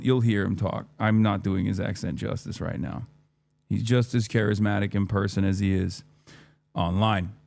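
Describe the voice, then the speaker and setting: A man in his thirties streaming, telling a casual story in a rambling, profane, animated way, quoting his own lines. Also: fairly low pitch, creaky. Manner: rambling, profane, animated retelling with quoted dialogue.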